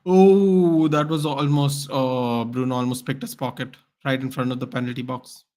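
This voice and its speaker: A man's voice: medium pitch, level tone, normal speed, a little mellow. A man hosting a live football watchalong, calling the play as a partisan fan and chatting with viewers. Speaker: watchalong host.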